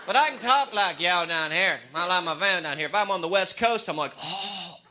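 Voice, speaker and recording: A man from the American Midwest doing an animated stand-up comedy routine in front of a laughing audience, often slipping into put-on regional voices. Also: high-pitched, brisk, slight background noise.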